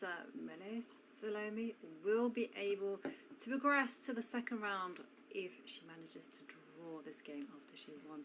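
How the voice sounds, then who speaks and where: A female co-commentator at a middle pitch who describes the board position calmly and slowly. Her speech is full of small pauses and fillers. A faint hiss runs under the recording. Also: rough recording. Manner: measured, hesitant with many fillers. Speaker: chess commentator. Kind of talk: live commentary.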